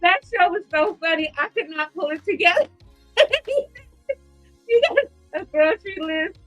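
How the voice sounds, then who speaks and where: A high, bright woman's voice, teary and giggling as she hosts a relaxed livestream chat. She keeps breaking into laughter between her words, with faint music playing underneath. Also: normal speed, low-quality recording. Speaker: host.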